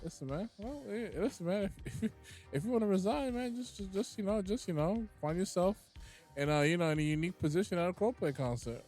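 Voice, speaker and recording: A man's voice: sits high, a little fast, a little mellow, faint music behind. A man co-hosting a podcast in casual banter, laughing often and talking in slang with lots of repeats. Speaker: podcast co-host.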